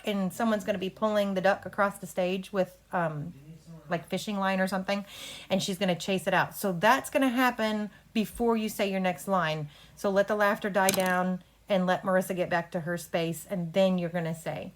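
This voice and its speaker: A woman runs a play rehearsal, walking an actor through cues and line readings in a brisk, instructive way. Her voice sits at a middling pitch. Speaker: drama coach. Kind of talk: rehearsal coaching.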